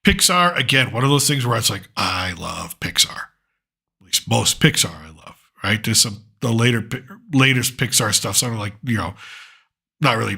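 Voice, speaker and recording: A man's voice: mid-range voice, pushed and bright, husky. A middle-aged man hosting a pop culture commentary show, ranting sarcastically and swearing freely. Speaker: host.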